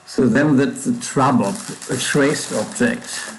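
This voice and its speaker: A young man with a German accent thinking aloud while coding, musing slowly and correcting himself as he goes. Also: mid-range voice, a little hiss or hum, poor audio. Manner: slow, musing, self-correcting, trailing off. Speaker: coding livestream host.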